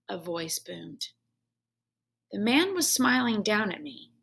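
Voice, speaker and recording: A woman reading a children's book aloud at home. Her telling is expressive, with a lively rise and fall, a bright tone and a gravelly texture. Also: medium pitch, slow, long pauses. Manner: expressive storytelling with home asides to her son. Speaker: reader.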